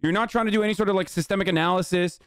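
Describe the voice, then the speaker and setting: A man's voice: high voice, very fast, clear, resonant tone, no echo, clean studio sound. A young man streamer reacting to clips, talking bluntly and profanely in a ranting commentary. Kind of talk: casual commentary.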